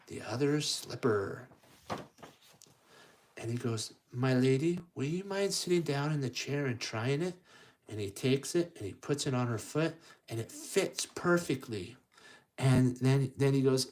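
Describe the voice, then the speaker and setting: Guy reading a kids story out loud, rambly, keeps restarting bits, middle pitch. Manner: loose, rambling with many restarts.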